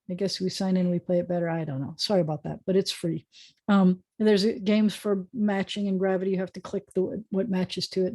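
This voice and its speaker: A woman's voice: on the low side, darkish tone. A woman rabbi teaching a beginners' Hebrew lesson over a video call, patiently sounding out words with chatty asides.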